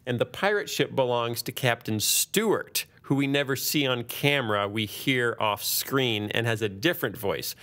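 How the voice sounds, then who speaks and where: A man's voice: medium pitch, sharp tone. A man hosting a podcast, chatting in a playful, joking way. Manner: playful, jokey, quick to riff. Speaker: podcast host. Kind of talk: casual chat.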